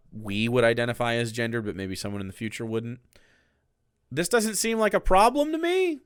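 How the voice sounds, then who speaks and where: Smooth-voiced sarcastic male streamer. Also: fairly low pitch, dry recording, clean studio sound. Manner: sarcastic, rambling, animated. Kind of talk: casual live-stream commentary.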